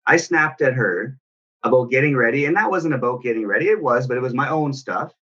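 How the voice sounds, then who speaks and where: Male parenting coach, earnest and reflective, bright forceful voice, lo-fi recording. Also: mid-range voice, expressive, a little fast. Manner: earnest, reflective storytelling with restarts. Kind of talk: personal story in casual talk.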